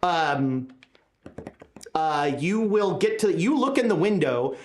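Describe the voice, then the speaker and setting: A game master narrating a tabletop horror game, pausing often with filler words. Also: medium pitch, animated, a little hiss or hum. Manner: hesitant, many filler words.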